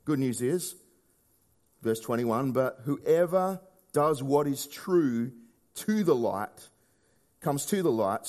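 A man preaching a sermon in a conversational way, often asking rhetorical questions and swinging between hushed low lines and raised emphatic ones.

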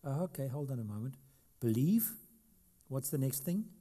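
A middle-aged man preaches as a pastor in an animated, medium-pitched voice at normal speed. He alternates emphatic, loud passages with soft asides, puts questions to the congregation and adds gentle humor.

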